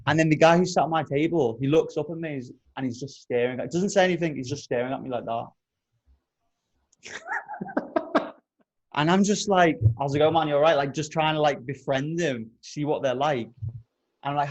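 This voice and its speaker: Animated, swearing male podcast storyteller. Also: a little high, moderate pace, long pauses, slightly rough, lo-fi sound. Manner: animated, profane anecdote telling. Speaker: podcast co-host. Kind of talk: casual storytelling chat.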